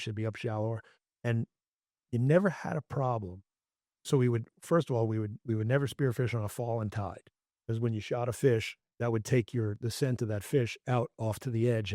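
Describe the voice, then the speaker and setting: A man's voice: mid-range voice, warm tone, no echo, studio quality. A man hosting a casual fishing chat, telling rambling stories with frequent restarts and folksy phrasing. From Florida. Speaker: fishing podcast host.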